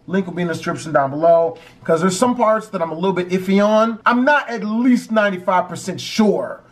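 A man's voice: high voice, fairly quick. A man telling a dramatic true story in a profane, emphatic vlog style.

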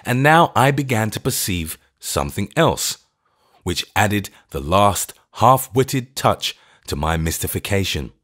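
Low-voiced male audiobook narrator. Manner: measured storytelling. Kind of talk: scripted narration.

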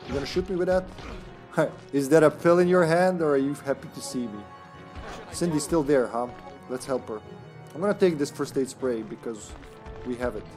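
A man's voice: mid-range voice, moderate pace, darkish tone, faint music behind. A man streaming a game live, joking, laughing and swearing as he plays. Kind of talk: live gameplay commentary.

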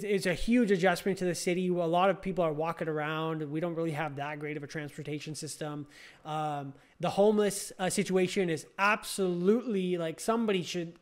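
A young man casually recounting a story, rambling with lots of fillers and restarts. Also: sits high. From California. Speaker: podcast host.

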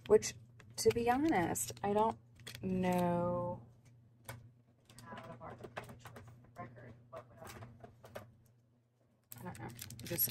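A young adult woman with a gravelly, low voice rambles through a casual unboxing chat as a planner vlogger, chatty and full of fillers. There's noise in the background.

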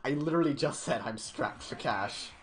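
A young man giving excited, stammering live commentary on his game stream, laughing often. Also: on the high side, moderate pace.

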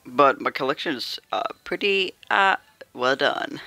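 A young adult gamer giving casual, excitable commentary while pulling cards in a mobile game, calling out in pleading bursts and squeals. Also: mid-range voice, moderate pace, no echo. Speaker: gameplay streamer. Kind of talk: casual gacha gameplay commentary.

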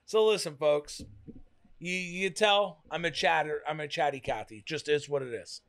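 Chatty high-voiced man talking fast. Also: a bit bright. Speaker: co-host. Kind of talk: casual reaction chat.

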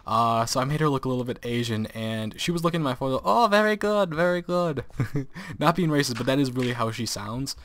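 A man's voice: mid-range voice, fast talker, hardly any pauses, a bit bright. Teenage male gameplay commentator; casual, rambling storyteller who laughs a lot. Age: teens.

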